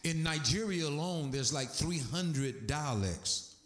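An animated male preacher delivers his sermon with a voice that swings widely. He rises to high, excited peaks as he drives his points home. The sound rings around a reverberant room. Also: takes it slowly. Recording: echoey room.

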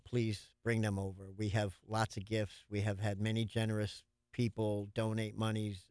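A man's voice: lowish voice, a little mellow, dry recording, studio quality. A man speaking as a radio guest, plainly and earnestly promoting a community event.

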